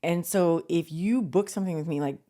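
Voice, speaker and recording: A woman co-hosting a podcast, chatting casually with her partner. Her voice sits a little low for a woman, and she talks in a lively, candid way, laughing and swearing freely. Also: a little fast. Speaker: podcast co-host. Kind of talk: casual chat.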